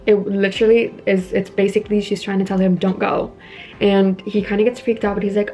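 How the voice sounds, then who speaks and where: Young woman vlogger, warm soft tone, gossipy recap with light music behind. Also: mid-range voice, little pitch movement, brisk. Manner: chatty, retelling scenes with quoted lines. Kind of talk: casual movie recap while doing makeup.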